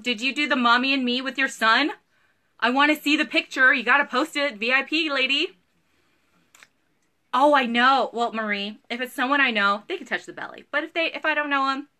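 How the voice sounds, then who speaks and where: A woman's voice: fairly high pitch, normal speed, bright, forceful tone. A woman in her thirties hosting a casual live-stream sale, chatty and bubbly, greeting viewers by name.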